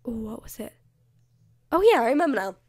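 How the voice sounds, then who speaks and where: A young woman talks loosely over a building game, wandering from one thought to the next and laughing at herself. Her voice sits fairly high and sounds a little hoarse. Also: lively intonation, a little fast, darkish tone. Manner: rambling, chatty and self-mocking, with frequent laughs. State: voice slightly hoarse. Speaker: gaming YouTuber.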